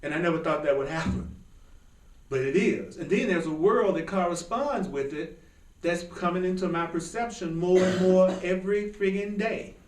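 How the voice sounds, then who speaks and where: A man teaching a small spiritual class in an informal, animated way, often laughing and joking. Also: sits high, moderate pace, echoey room, distant mic, rough recording. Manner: animated, laughing, jokey asides.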